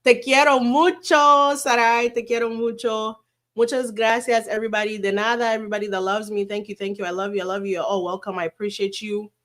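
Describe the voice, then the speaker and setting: A woman's voice: medium pitch, little pitch movement, fast. A woman talking straight to her viewers in a loose, casual livestream. She is chatty and blunt, curses without a second thought, and slips Spanish terms of affection into her thanks. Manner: chatty, blunt, swears freely, mixes in Spanish endearments.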